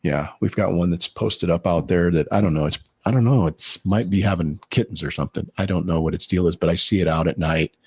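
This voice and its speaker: A man's voice: low-pitched, a little fast, hardly any pauses, darkish tone, breathy edge. A man co-hosting a podcast, telling rambling stories with many fillers in casual chat. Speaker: podcast co-host.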